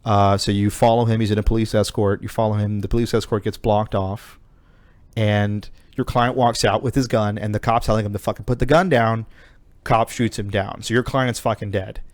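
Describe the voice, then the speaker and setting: Podcast co-host, male, lowish voice, profane rambling storyteller, dry close sound. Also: steady tone, normal speed, no room sound. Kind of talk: casual chat.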